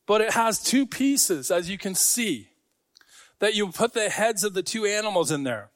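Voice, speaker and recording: High-voiced man preaching a sermon. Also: lively intonation, moderate pace, no echo, clean studio sound. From Scarborough. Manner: conversational, joking asides to the congregation. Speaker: pastor.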